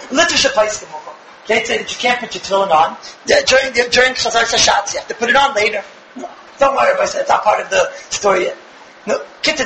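A man giving a Torah talk, telling a story in an animated, digressive way and acting out the quotes. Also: high voice, roomy sound, background noise. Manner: animated, digressive, often restarts and acts out quotes. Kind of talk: Yiddish-flavored Torah lecture, storytelling. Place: synagogue or study hall.

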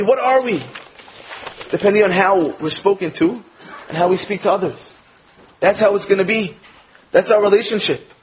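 A man giving an earnest inspirational talk, telling parables in an animated storytelling manner. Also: high voice, slight background noise, poor audio. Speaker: speaker.

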